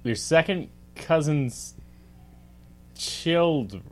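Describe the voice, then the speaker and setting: A man co-hosting a podcast, giving dry, deadpan answers in casual chat. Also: on the high side, drawn-out words, soft background music. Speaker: podcast co-host.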